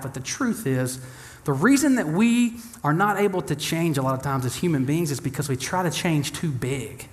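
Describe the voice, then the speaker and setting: A young adult man preaching a sermon in an animated, humorous way, acting out the voices of the people he quotes. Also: fairly high pitch, moderate pace. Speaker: pastor.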